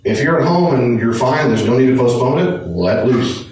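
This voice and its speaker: A man's voice: medium pitch, lively intonation, normal speed, darkish tone. Earnest man teaching in echoey room. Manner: earnest, repeats points for emphasis. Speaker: Bible study teacher. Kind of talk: conversational Bible study teaching. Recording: echoey room, distant mic, faint noise.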